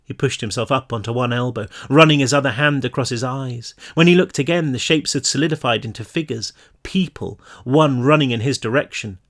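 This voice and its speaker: A man's voice: medium pitch, a bit bright. Man reading his novel, voice rising in tense passages. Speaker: author reading his own novel aloud. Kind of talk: audiobook-style reading.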